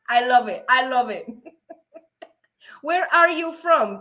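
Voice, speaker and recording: A woman hosting a casual livestream, excitable and laughing often as she chats with viewers. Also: high voice, takes it slowly, pauses often. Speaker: livestream host. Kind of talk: casual livestream chat reading viewer comments.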